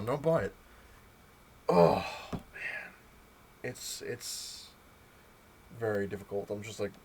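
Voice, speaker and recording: A man's voice: medium pitch, a little mellow, a little hiss or hum. A young man in a casual, rambling vlog rant, exasperated and full of fillers and restarts. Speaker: comic collector vlogger. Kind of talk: casual ranting monologue.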